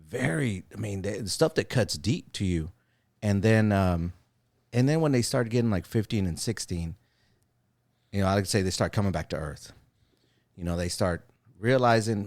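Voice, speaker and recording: A man in his forties with a very low voice shares parenting stories in a relaxed podcast chat. His delivery is animated, slipping into the voices of the people he quotes. The sound is dry and close, with no room echo. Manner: animated storyteller who acts out quoted voices. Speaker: podcast co-host. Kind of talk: casual chat.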